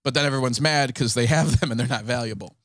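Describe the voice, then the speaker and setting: A man's voice: medium pitch, fast, a bit bright, no echo. A man co-hosting a podcast from a comedy club, chatting casually, laughing often and explaining at length. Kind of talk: casual chat.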